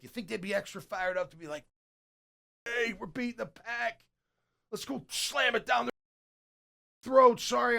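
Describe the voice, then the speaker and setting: Going over game footage casually, a middle-aged man with a fairly high voice calls the plays with blunt excitement. He mixes loud outbursts of praise with muttered side remarks, sounding like a chatty sports show host.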